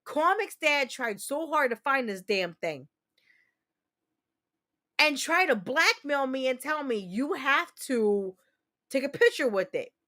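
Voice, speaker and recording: A woman from New Jersey hosting a casual livestream chat, talking in a rambling, profane way and quick to launch into rants. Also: sits high, sing-song, bright, forceful tone. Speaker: livestream host.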